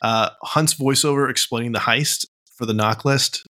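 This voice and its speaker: A man co-hosts a podcast in casual chat. His voice is bright and forward, and he talks in a relaxed, easygoing way. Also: medium pitch, normal speed. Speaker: podcast co-host.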